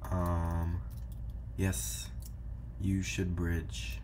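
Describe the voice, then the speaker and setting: A man's voice: low-pitched, completely flat delivery, very slow, background noise. A young man giving casual, playful gameplay commentary, teasing the players and talking to his viewers. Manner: playful, teasing, talks to viewers while playing. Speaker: gaming YouTuber.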